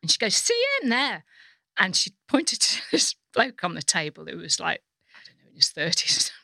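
A woman from North Wales telling a funny anecdote as a podcast guest, lively and animated. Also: quick pace, creaky, breathy edge, no echo. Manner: lively storyteller, jumps into high voices for quotes. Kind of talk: casual chat, anecdote telling.

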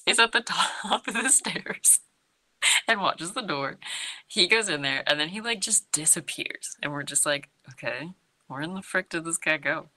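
A woman with a low voice and a bright, forceful tone. She chats casually and retells events with acted-out quotes and a steady stream of "like". She is on a remote call. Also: moderate pace, poor audio. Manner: storytelling with frequent "like" and acted-out quotes. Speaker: co-host recapping a horror film. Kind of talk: casual chat.

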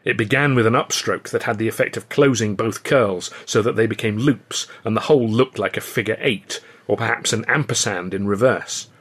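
A man's voice: lowish voice, normal speed, few pauses, a bit bright, slightly rough. A man reading his own comic novel aloud in a dry, wry storytelling manner. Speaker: author and audiobook narrator. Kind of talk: scripted narration.

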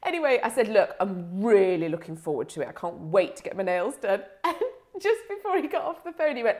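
A woman's voice: medium pitch, brisk. A woman co-hosting a podcast, chatting casually and telling a story with lots of laughter. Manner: animated storytelling, laughing often. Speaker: podcast co-host. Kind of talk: casual chat.

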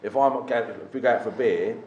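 A man's voice: medium pitch, quick pace, darkish tone, lo-fi sound, slight background noise. A man ranting bluntly in casual chat, swearing a lot. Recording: echoey room with faint ambience.

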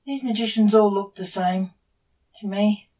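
A woman voicing a shy young female alien in a read-aloud story, soft and coy, slightly off-mic. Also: mid-range voice, unhurried, recorded from a distance, lightly acted. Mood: cool.

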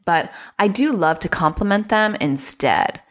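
A woman's voice: medium pitch, animated, measured pace. A woman child therapist hosting a podcast, giving casual advice in a chatty, self-deprecating way and acting out little quotes.

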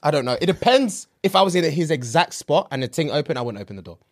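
Co-host, man in his 30s, husky, swings wildly in pitch, laughs a lot. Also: very animated, fast. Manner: laughs often, emphatic. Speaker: podcast co-host. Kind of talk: casual banter.

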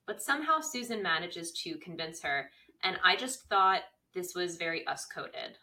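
Bright-voiced woman podcast co-host. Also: lowish voice, lively intonation, normal speed, few pauses. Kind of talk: casual recap chat.

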